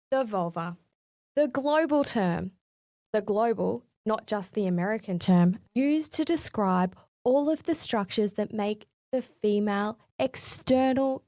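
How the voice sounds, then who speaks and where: A woman in her forties hosts a scripted solo podcast, chatting in a cheeky, frank way with some mild swearing. Her voice is medium-pitched and dark, captured in a dry, studio-quality recording.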